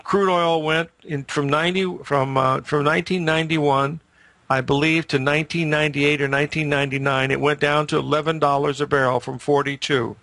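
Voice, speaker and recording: A man's voice: fairly high pitch, level tone, brisk, a bit bright, dry recording. An older man hosting a market show, telling rambling, emphatic stories in casual commentary.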